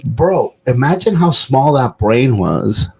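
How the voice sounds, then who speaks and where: A man's voice: mid-range voice, sing-song, slow, creaky, darkish tone, husky, low-quality recording. A man hosting a podcast, telling stories in a loose, profane, casual way with plenty of fillers. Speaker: podcast host.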